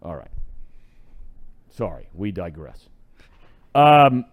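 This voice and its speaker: Animated ranting sports radio host, man. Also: fairly low pitch, takes it slowly.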